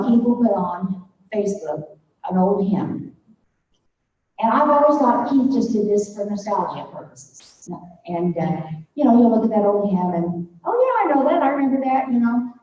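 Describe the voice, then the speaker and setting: An older woman speaks earnestly to a room of faculty, her talk halting and emotional. Her voice is mellow and comes from well back in a very echoey hall. The recording is muffled. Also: medium pitch, distant mic. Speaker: speaker at a faculty development day. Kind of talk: devotional talk.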